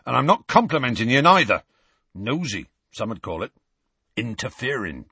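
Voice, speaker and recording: Gruff grunting giant of a guy, grumbly and secretive, read by a man, husky and dry. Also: mid-range voice, very animated, normal speed, pushed and bright, dry recording, full character voice. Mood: defensive. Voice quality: gruff, grunting, rustic grammar. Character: gruff, huge, gentle male half-giant groundskeeper.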